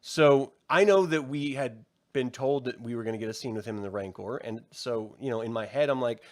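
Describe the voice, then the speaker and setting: A man co-hosting a casual review podcast, talking in an animated, profane way and acting out characters' lines. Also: medium pitch, a little fast. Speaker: podcast co-host.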